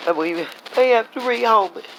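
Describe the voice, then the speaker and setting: A woman's voice: on the high side, normal speed, fairly bright tone, a little hiss or hum, rough recording. A woman, angrily venting to her viewers in a casual vlog, blunt and heated, talking to them as y'all. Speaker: vlogger. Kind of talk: angry casual vlog rant.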